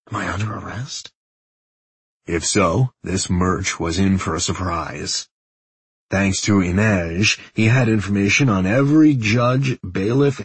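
A man narrates a story at an unhurried, measured pace. His voice is strongly husky and breathy, sitting a little low. The sound is dry and close, with no room around it. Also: no room sound. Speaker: audiobook narrator. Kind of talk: scripted narration.

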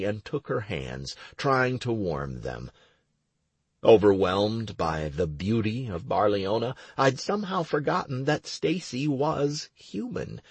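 A man narrating a fantasy audiobook with a slightly husky voice at a middle pitch. His reading is expressive and lively in its pitch movement, close and dry with no room sound. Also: dry recording. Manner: expressive, storytelling.

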